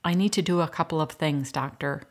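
A woman's voice: deep voice, fairly quick, lightly acted. A woman reading the lines of a female investigator, direct and matter-of-fact. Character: determined female investigator, former sheriff.

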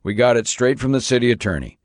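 A man narrating as a soft-spoken older city fire chief who sounds apologetic. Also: mid-range voice, animated, fast, no echo, studio quality, natural voice. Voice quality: soft-voiced.

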